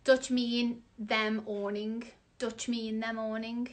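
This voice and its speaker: A musical theatre performer with a Scouse accent plays a word-guessing game into her phone at home for a casual selfie video. Her voice is fairly high, slow, and flat in delivery, yet she laughs, exclaims, and swears playfully as she goes.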